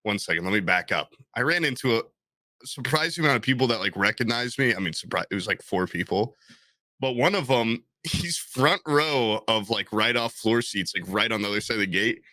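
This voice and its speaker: A man co-hosting a casual podcast tells a rambling story, tripping over himself and restarting. He does the other people's lines in raised, excited voices. His voice is bright and forward, and the sound is dry and close. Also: on the low side, fairly quick, no echo. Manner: rambling, self-interrupting, acts out quotes in raised voices. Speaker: podcast co-host.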